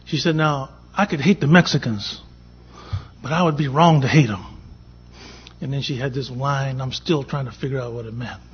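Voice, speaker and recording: On a panel at a conference, a man from Boston with a medium-pitched, slightly rough voice tells a personal anecdote at normal speed. He dramatizes the dialogue in quotes, and the storytelling talk comes through on a dull, lo-fi recording.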